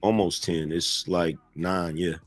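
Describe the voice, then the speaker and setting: A man being interviewed, telling stories in a relaxed, slangy way. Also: deep voice, slow, dry recording. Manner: relaxed, slangy street talk. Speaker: interview guest, online commentator. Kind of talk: casual storytelling in an interview.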